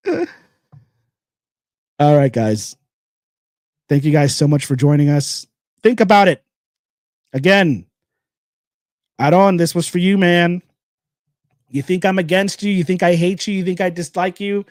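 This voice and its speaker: A podcast host with a high voice delivers a casual solo monologue, blunt and rambling, repeating phrases and giving sponsor shout-outs. The audio is studio quality with no echo.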